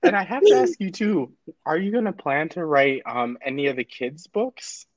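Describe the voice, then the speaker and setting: A woman's voice: deep voice, big pitch swings, normal speed, no echo. A woman hosting a book podcast, gushing with enthusiasm and filling her talk with constant "like". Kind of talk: casual interview chat.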